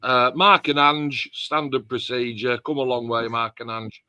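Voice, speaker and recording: Chatty man, bright voice. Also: medium pitch, steady tone, unhurried, clean tone, no room sound. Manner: chatty storyteller, acts out conversations with dialect words. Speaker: club host. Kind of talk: casual chat.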